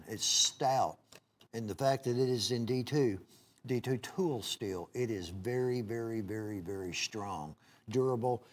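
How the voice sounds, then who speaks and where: A man's voice: medium pitch, unhurried. A man hosting a home-shopping knife sale, folksy and rambling, with many "uh"s and restarts. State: clearing his throat now and then. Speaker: TV shopping host selling knives. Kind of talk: live home-shopping sales pitch.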